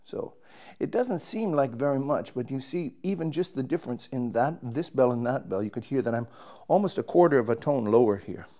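A man's voice: medium pitch, expressive, brisk, hardly any pauses, warm tone. Guy mid-voiced showing off his trumpet, explaining as he fiddles with parts, restarts a lot. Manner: explains while handling gear, thinks aloud with restarts. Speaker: trumpet player demonstrating his instrument. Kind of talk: casual instrument demonstration.

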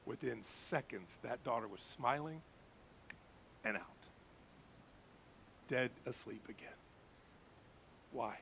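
A man preaching as a pastor, telling a quiet story and building to fervent preaching before leading a prayer. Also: mid-range voice, takes it slowly, vocal fry, long pauses, a little hiss or hum. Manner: swings from hushed storytelling to rising fervent preaching. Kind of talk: sermon with story and closing prayer. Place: church sanctuary.

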